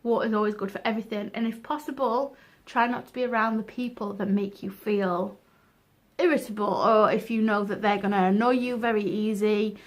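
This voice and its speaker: A young woman vlogger gives frank, chatty advice in a casual video, her mid-range voice steady and brisk. She's self-deprecating and laughs at herself now and then.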